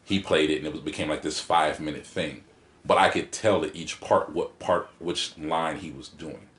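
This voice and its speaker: A man with a very low voice tells stories in an interview, lively and vivid as he acts out rhythms and quotes. The room is roomy and echoey around him. He speaks as a guest poet in casual conversation. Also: moderate pace. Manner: animated storyteller who acts out rhythms and quotes. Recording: roomy echo.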